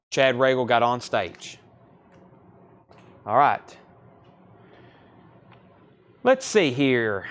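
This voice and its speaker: A man hosting a live record sale from a shop, calling out titles and prices in a brisk patter and repeating them. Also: medium pitch, clear, resonant tone. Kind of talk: live-stream sales patter. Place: record store.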